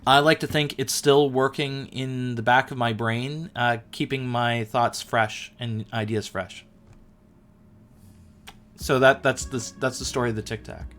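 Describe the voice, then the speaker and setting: A man's voice: mid-range voice, steady tone, a little slow, a bit bright. Chatty, playful man hosting a livestream. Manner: chatty and playful, with self-deprecating asides. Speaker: livestream host. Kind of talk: casual livestream chat.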